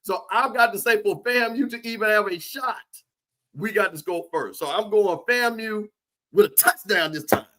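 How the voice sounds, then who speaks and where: A man's voice: high voice, normal speed. A man joking and trash-talking in casual sports banter. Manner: joking, animated, Southern Black vernacular. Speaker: co-host.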